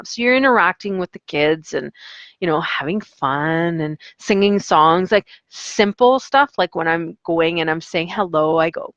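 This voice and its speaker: A woman's voice: fairly low pitch, normal speed, fairly bright tone, dry recording, lo-fi sound. A woman, an online English teacher, chatting casually in a vlog with a rambling, filler-heavy manner. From Canada.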